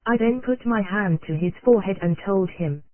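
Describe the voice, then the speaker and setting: An audiobook narrator reading an old nonfiction text in a steady, unvaried way, spelling out abbreviations letter by letter. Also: mid-range voice, normal speed, no echo. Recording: dry, tinny phone-like sound.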